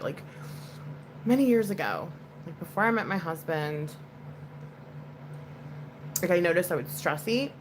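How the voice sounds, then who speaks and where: A woman's voice: lowish voice, noisy background. A woman hosting a casual livestream chat, talking to viewers in a chatty, comforting way with lots of "like" fillers.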